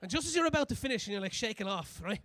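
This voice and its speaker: A young man doing a crude, animated stand-up comedy set on a club stage, acting out scenes as he goes. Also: high voice, racing.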